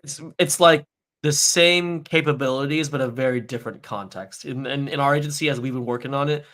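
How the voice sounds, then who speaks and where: A man at a middle pitch talks as a guest on a podcast. He runs an agency and explains his ideas casually, with many small fillers. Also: a little fast, fairly bright tone. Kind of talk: conversational interview.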